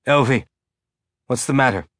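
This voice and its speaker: Audiobook: man playing a sick, mumbling captain, halting and vague, dry. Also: mid-range voice, fairly bright tone, dry recording, close to an everyday voice. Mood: weary. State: sounds drunk or sick. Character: weary sick male ship captain, rambling.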